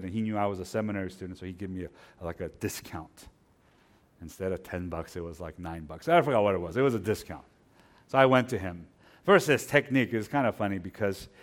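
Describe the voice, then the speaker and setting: Animated storytelling male pastor. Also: lowish voice. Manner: storytelling, swinging from hushed asides to loud animated bursts. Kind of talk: sermon.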